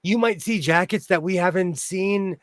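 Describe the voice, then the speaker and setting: Chatty host with a dry close sound. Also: male voice, high voice, normal speed, fairly bright tone, no room sound. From Los Angeles area. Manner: chatty, laughs often, rambling. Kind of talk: casual livestream chat.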